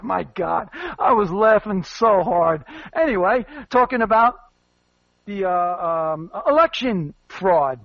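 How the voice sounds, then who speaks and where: A man's voice: high voice, expressive, moderate pace, gravelly, dry recording, dull audio. A man hosting a commentary show, rambling and emphatic with many fillers. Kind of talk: casual spoken commentary.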